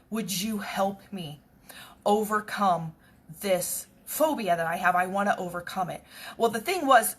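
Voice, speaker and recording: A woman's voice: medium pitch, fairly bright tone, husky. A woman earnestly retelling a personal story in a conversational, reflective way, with faith-based encouragement. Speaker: speaker sharing a personal story.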